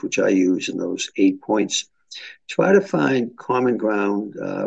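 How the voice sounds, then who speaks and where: An older man from Boston with a Boston accent, answering interview questions in a measured way with frequent hesitations. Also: lowish voice, a little mellow, poor audio. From Boston, USA. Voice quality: gravelly, husky. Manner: measured, hesitant with many fillers. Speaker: interview guest.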